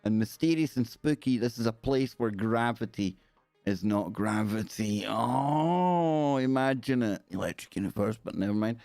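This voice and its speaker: A man's voice: medium pitch, lively intonation, normal speed, gravelly, a little mellow, no echo, faint music behind. A man with a Scottish accent hosting a live stream, chatting casually in a rambling, jokey way and talking to his viewers. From Scotland.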